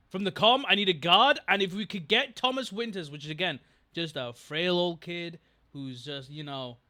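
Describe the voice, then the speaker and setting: A man's voice: high voice, pushed and bright. A young man chatting casually on a livestream, rambling, getting distracted and thanking viewers from chat. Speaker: streamer.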